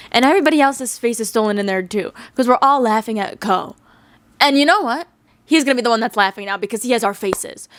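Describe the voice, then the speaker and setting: Young woman fangirling on her channel, creaky voice, dry close mic, animated and exasperated. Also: on the high side, no room sound. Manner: animated, exasperated, joking rants. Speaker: channel host. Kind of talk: casual fan commentary.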